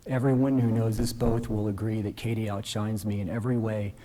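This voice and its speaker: A man in his forties, a newly appointed justice, giving a formal ceremonial speech from a podium in a courtroom, earnest and gently self-deprecating. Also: on the low side, level tone, fairly quick, low-quality recording.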